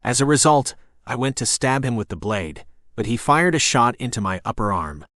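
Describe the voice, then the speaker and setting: A man narrating a first-person novel as an audiobook in a steady storytelling voice. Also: mid-range voice, normal speed, no echo, clean studio sound.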